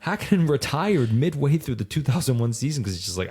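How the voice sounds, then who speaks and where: A man co-hosting a racing podcast in casual chat, rambling and animated, full of fillers. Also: on the low side, brisk, hardly any pauses, breathy edge. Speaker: podcast co-host.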